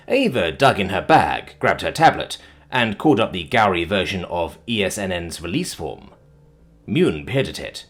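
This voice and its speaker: Rich: A male storyteller with a husky, breathy tone. He reads fiction aloud in a very lively, sweeping voice. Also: low-pitched, moderate pace, faint music behind. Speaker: narrator. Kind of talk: audiobook narration of fiction.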